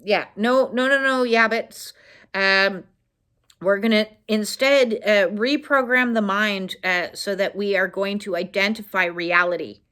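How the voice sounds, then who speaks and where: A woman's voice: medium pitch, measured pace, sharp tone, clean tone. A woman trauma-healing coach giving a casual self-help talk, earnest and direct, often checking in with "okay?" and talking through her inner dialogue. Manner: talks through inner dialogue, frequent "uh" fillers.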